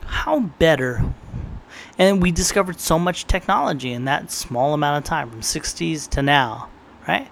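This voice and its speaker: Young male podcaster, a bit higher pitch, gravelly, rambling and profane. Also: lively intonation, measured pace, fairly bright tone, a little hiss or hum. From San Diego area, United States. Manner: rambling and profane, tells stories with quoted inner thoughts. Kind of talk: casual monologue.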